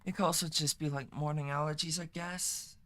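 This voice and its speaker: A woman chats casually with her live-stream audience while she plays, her voice stuffy and congested from a rough morning. Her tone stays bright, and she talks in a low-key way, in loose phrases that trail off. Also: fairly even intonation, a little fast. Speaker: game streamer.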